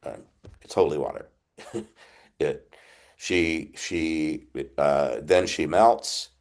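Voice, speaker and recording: An older man, a priest, giving a reflective retreat talk over a video call, halting with frequent restarts. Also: a bass voice. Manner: halting, many restarts, gentle laughs.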